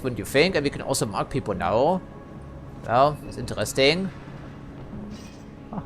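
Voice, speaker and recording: A man giving casual let's play commentary, chatty, hedging and dryly critical as he plays. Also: mid-range voice.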